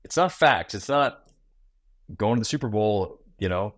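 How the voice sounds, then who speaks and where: Animated storytelling man, lowish voice. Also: no echo. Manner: animated storyteller, acts out small talk in quick asides. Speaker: guest, founder and keynote speaker. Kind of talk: conversational podcast interview.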